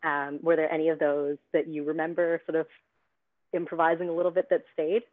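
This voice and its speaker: A woman moderates a fan Q&A over a video call, soft-spoken and offering brief affirmations between questions. Her voice sits very low for a woman. The sound is thin and narrow, like a phone line. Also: level tone, brisk. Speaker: interview moderator.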